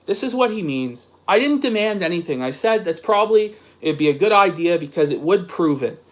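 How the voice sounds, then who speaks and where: High-pitched profane ranting man. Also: expressive, fairly quick. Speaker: streamer host. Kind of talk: angry commentary reading posts aloud.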